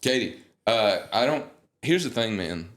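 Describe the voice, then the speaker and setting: A young man, a guest singer, telling animated, joking stories in a casual interview. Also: fairly low pitch, measured pace, a little hiss or hum.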